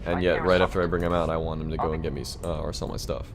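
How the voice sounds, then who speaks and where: A man's voice: very deep voice, flat delivery, very fast, a little hiss or hum. A man giving casual gameplay commentary in a chatty, joking, rambling way. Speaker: gaming YouTuber.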